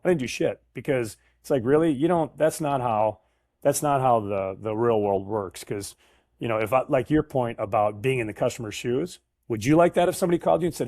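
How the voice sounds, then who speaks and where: Middle-aged male guest, anecdotal and animated, dry close-miked sound. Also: mid-range voice, brisk, dry recording. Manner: animated storyteller, acts out quoted voices. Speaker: guest, sales professional. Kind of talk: casual storytelling interview.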